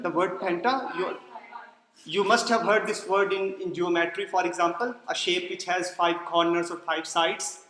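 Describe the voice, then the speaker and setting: A man's voice: sits high, fairly bright tone, slight background noise. A man giving a lecture, explaining step by step and posing questions to the class before answering them himself. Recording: echoey roomy hall sound.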